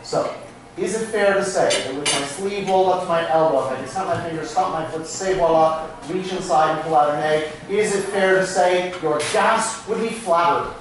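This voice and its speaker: On a small theatre stage before a live audience, a man performs as a magician, joking with volunteers and teasing himself in chatty asides. His voice is on the high side at normal speed, captured in an echoey, distant room recording with background noise.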